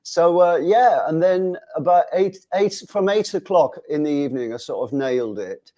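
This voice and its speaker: A man's voice: a little high, lively intonation, moderate pace, dark tone. Man in his sixties telling stories. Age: 60s. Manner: chatty anecdotal, acts out quotes. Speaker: guest musician. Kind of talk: casual interview storytelling.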